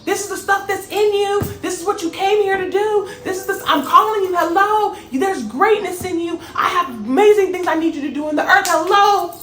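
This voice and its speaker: A woman voicing an encouraging, insistent spirit that calls out loudly and urgently. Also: very high-pitched, brisk, few pauses, roomy sound, voice pushed up. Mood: urging. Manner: loud, urging, repeating hello.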